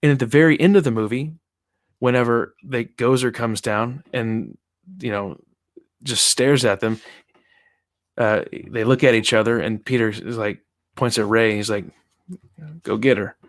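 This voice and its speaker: A man guest on a casual podcast, talking with animated energy and quoting film lines. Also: medium pitch, normal speed, dry recording, studio quality. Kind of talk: casual chat.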